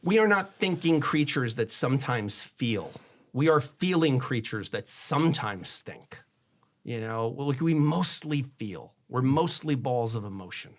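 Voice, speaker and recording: Animated man giving marriage advice. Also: mid-range voice, unhurried. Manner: animated, conversational, acts out both spouses' lines; drops to a soft hush when sharing a personal story. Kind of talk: candid advice session.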